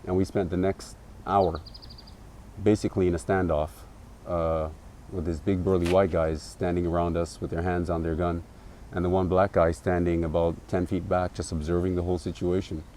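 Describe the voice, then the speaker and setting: A man in his forties with a very deep, mellow voice tells a story in an interview. He speaks in a measured, reflective way, pausing now and then on a filler. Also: little pitch movement, a little hiss or hum. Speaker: academic interviewee. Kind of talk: interview recollection.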